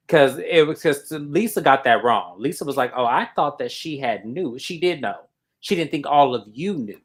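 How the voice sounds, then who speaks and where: Male recap co-host, animated storyteller, mid pitch, casual. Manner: animated storyteller who acts out quotes.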